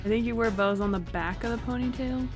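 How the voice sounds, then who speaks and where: Bashful woman, high voice, soft-spoken chat over quiet music. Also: fast talker. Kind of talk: casual chat.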